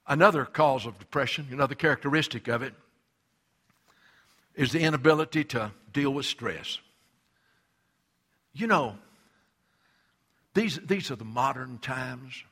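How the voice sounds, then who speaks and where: Bright-voiced preaching man. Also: mid-range voice, expressive, measured pace, long pauses, breathy edge. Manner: emphatic preaching, repeats phrases, acts out quoted voices. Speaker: pastor. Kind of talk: sermon.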